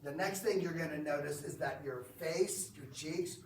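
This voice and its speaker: Guy leading a breathwork class, kinda high voice, echoey room, mic far off. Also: moderate pace, slight background noise. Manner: explanatory, asks the group questions. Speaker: breathwork instructor. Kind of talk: instructing a group. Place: gym or team room.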